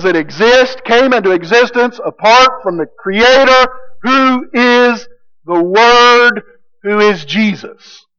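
Preacher, male, high voice, deliberate delivery, builds from quiet to loud points, dull lo-fi sound. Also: smooth. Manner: emphatic, swings from hushed to loud. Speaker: pastor. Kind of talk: sermon.

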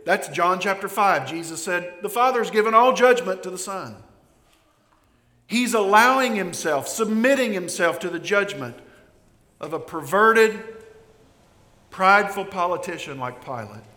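A man preaching a sermon, emphatic, dropping to a hush and then building loud again. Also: sits high, lively intonation, a little slow. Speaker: pastor. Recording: echoey hall.

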